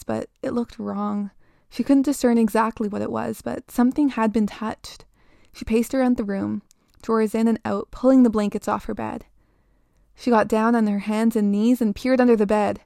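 Woman reading a spooky story, kinda high voice, gravelly, dry close sound. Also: no room sound. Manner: steady, measured reading. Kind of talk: reading a horror story aloud.

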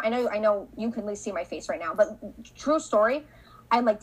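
A woman's voice: medium pitch, brisk, breathy edge, rough recording. A woman in her thirties, a podcast guest chatting casually and animatedly, acting out conversations as she tells stories. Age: 30s. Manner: animated storyteller, acts out conversations.

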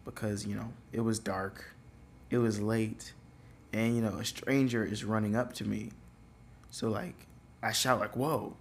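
A man's voice: lowish voice, little pitch movement, unhurried, a little hiss or hum. A young man telling a story in a casual, rambling way, full of fillers. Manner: rambling, filler-heavy, loose.

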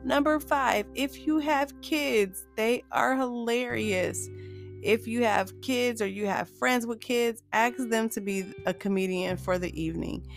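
Chatty woman doing a solo podcast, lots of fry, laughs a lot, faint music behind. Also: fairly high pitch, a little slow. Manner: upbeat, chatty, laughs often while talking; addresses listeners warmly as "you guys". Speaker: podcast host. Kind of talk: solo motivational podcast monologue.

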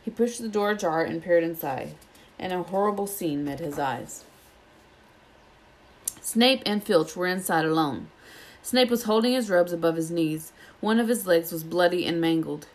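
A woman reading a children's novel aloud in a steady, even storytelling manner. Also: lowish voice, moderate pace. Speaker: audiobook reader.

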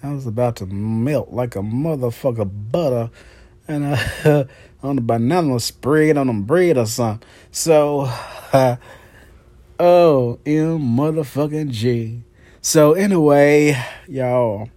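A man's voice: mid-range voice, a little slow, warm tone, no echo. A man hosting his own podcast in a brash, profane, gossipy monologue, laughing often. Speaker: podcast host. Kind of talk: casual monologue.

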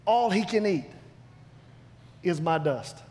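Very high-voiced preacher in echoing hall. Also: male voice, slow. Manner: animated, emphatic, swings from loud to hushed. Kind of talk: sermon. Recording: long hall reverb, faint background noise.

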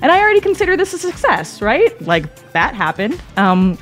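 Over faint music, a woman with a fairly high voice tells a funny personal story at a normal pace. She's animated and chatty, laughing between lines, saying "like" a lot and often tagging sentences with "right?"

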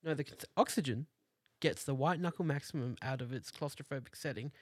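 A man co-hosting a casual film chat, quick and excitable, swearing casually. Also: medium pitch, breathy edge, no echo, studio quality. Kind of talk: casual chat about films.

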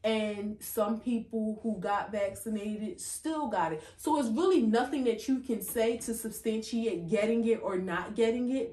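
A woman co-hosting a podcast, talking in an animated, opinionated way in casual chat. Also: medium pitch, echoey room. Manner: animated and opinionated, with quick asides. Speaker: podcast co-host.

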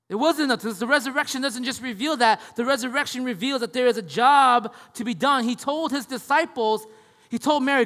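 A man in his thirties, a pastor preaching a conversational sermon, often asking "right?" and moving between hushed and loud passages. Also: sits high, in a large hall. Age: 30s. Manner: conversational, tag questions, swings from hushed to loud.

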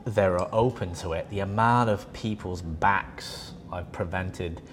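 A man's voice: low-pitched, takes it slowly, big-room sound, a little hiss or hum. A man, a personal trainer, chatting casually and animatedly acting out what people said to him. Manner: animated storyteller, acts out quotes, swears freely. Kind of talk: casual chat.

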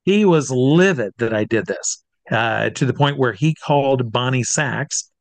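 A man in casual conversation spins a long anecdote, slipping into the voices of the people in his story as he goes. He sits at a middle pitch, and the recording is close and dry, with no room sound. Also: measured pace, no room sound. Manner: animated anecdotes with acted-out quotes. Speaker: guest.

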